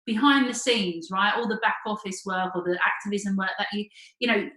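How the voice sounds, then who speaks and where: A woman's voice: medium pitch, a little fast, pushed and bright. A woman hosting a casual interview, encouraging her guest and restarting her sentences often. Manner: encouraging, many fillers and restarts. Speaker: host, interviewer. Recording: echoey room.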